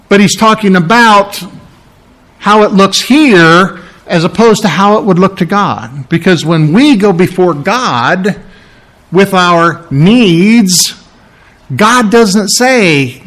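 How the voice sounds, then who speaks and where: A man's voice: high-pitched, fairly bright tone. A male pastor preaching a conversational, emphatic sermon, often asking rhetorical questions.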